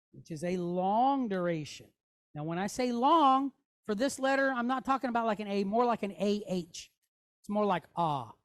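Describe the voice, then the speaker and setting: During a classroom lesson, a woman with a mid-range voice teaches Hebrew, patiently explaining and slowly sounding out letters and syllables. She checks in frequently with her students using "okay?" and "right?"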